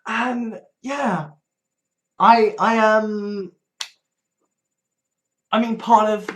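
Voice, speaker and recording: Rambling man, high voice. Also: fairly even intonation, very slow, long pauses, fairly bright tone. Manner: rambling, stumbling restarts, frequent swearing; wry, laughs often. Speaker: vlogger. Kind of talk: casual rambling monologue.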